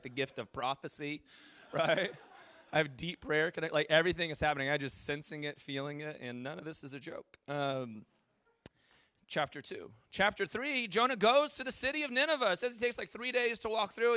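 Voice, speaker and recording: A man's voice: high-pitched, pushed and bright, dry recording, clean studio sound. A male pastor giving a casual, joking sermon and asking his audience questions. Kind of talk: conversational sermon.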